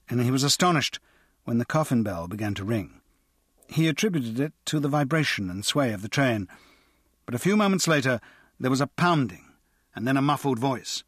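A man narrating an audiobook in a measured, expressive storytelling manner. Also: medium pitch, breathy edge, no room sound, studio quality.

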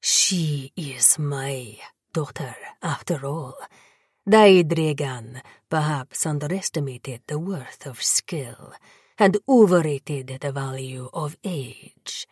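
A woman voicing a proud, scornful male vampire lord who talks low and breathy in old-fashioned speech. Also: slow, darkish tone, no echo, studio quality, heavily acted. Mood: cold.

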